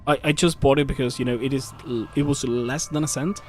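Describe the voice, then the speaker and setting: A man streaming a game, telling a story in a casual, animated rant with swearing and frequent restarts. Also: mid-range voice, brisk. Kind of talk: casual chat while gaming. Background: faint game music.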